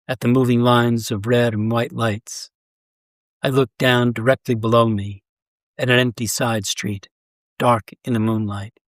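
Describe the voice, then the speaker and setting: A man narrates a first-person short story in a measured, steady way. His voice sits at a middling pitch. The recording is close and dry, with no room sound. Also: no room sound. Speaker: story reader.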